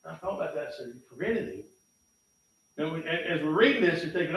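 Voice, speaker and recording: A man preaching a sermon in a church, folksy and emphatic, swinging from loud bursts to low, quiet lines. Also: expressive, fast talker. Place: church sanctuary. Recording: echoey church from far off, faint noise.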